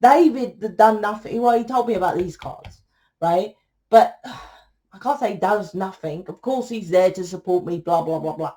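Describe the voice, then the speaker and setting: A woman's voice: mid-range voice, normal speed, warm tone. Woman, tarot reader, blunt, sweary and preachy, casual monologue. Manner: blunt, profane, lecturing the viewer.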